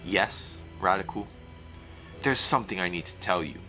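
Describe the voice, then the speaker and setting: A man voicing a soft-spoken older male chef who speaks in a low, hushed and sincere way, in comedic dating game voice acting. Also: moderate pace, music in the background, close to an everyday voice, poor audio. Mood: tender.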